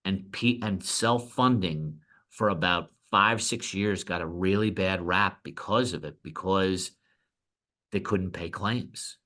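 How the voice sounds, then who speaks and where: Bright-voiced New broker telling stories. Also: male voice, sits low, slow pace. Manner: animated anecdotes, acts out quoted clients. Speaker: insurance broker, guest. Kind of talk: storytelling in a podcast interview.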